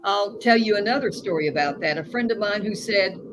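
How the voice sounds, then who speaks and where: A woman's voice: mid-range voice, fairly quick. Earnest woman coach, noisy recording. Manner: earnest storytelling, emphatic. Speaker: life coach guest. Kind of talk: conversational interview.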